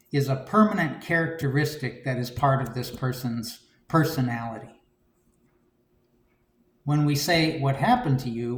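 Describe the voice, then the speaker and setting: A man giving a conversational homily, relaxed and reflective, with frequent "you know" and "um". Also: a little high, roomy sound. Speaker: preacher.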